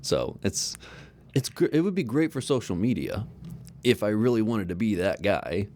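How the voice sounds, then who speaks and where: Man, very low voice, podcast host, relaxed rambling questions. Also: moderate pace. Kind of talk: casual interview.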